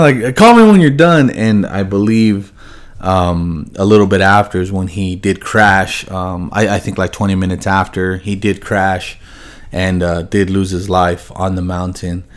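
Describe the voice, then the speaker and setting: A young man who runs a car shop, speaking haltingly and choked up as he remembers a friend, his voice heavy and subdued. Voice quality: halting, many fillers and restarts. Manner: subdued and heavy, voice dropping low when grieving. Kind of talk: emotional personal remembrance to viewers.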